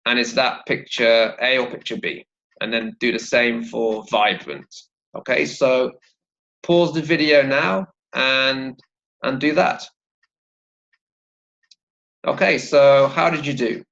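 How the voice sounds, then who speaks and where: A man's voice: mid-range voice, slow pace, vocal fry, pauses often, a bit bright, dull audio. A man teaching English vocabulary and pronunciation, patiently repeating words for learners to copy. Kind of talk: slow, clear teaching with pronunciation drills.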